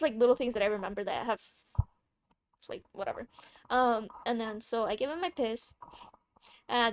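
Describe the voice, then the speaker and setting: A young woman vlogger telling a casual story, chatty and playful, swearing freely with quick asides. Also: on the high side, no room sound.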